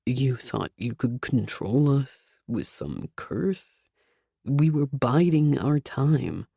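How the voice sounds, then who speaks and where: A woman's voice: very deep voice, lively intonation, slow pace, gravelly, dark tone, breathy edge, dry recording, clean studio sound, pitched below the performer's own voice, full character voice. A woman voicing mocking male shadow beings in an audiobook, with a harsh, grating, silky yet nasty voice. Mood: sneering. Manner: sneering. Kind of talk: audiobook character voice.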